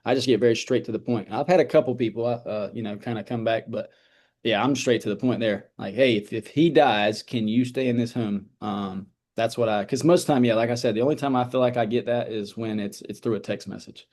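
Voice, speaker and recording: A man's voice: medium pitch, fairly even intonation, fast, darkish tone. A man, an insurance sales agent, explaining his approach in a plain, direct way with frequent restarts. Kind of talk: sharing tips in a team training.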